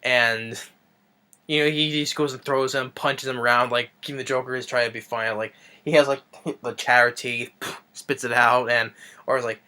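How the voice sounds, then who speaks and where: A man talks through a film recap in a loose, rambling way, stacking up ums and restarting his sentences. His voice is bright and forceful, sitting at a middling pitch. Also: steady tone, moderate pace. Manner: rambling, full of fillers and restarts. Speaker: movie reviewer. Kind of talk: casual movie recap.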